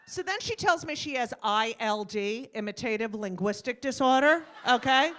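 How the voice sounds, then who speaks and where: Doing stand-up at a club, a middle-aged woman speaks in a slightly high voice at a moderate pace with few pauses. Her set is brash and profane, full of animated mini-scenes where she does the voices.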